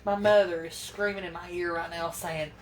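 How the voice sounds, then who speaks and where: Recorded off-mic in an echoey home kitchen full of clattering pans and heavy noise, this woman speaks in a lowish, steady voice at a normal speed. She's a homey cooking vlogger giving a chatty demonstration, talking to viewers and worrying out loud as she fumbles.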